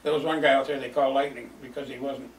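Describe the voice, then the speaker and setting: A man's voice: mid-range voice, steady tone, fast talker, slight background noise. An older man telling memories from his youth in a rambling, chuckling way, with many fillers. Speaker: storyteller. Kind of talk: reminiscing oral history. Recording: roomy, distant mic, faint ambience.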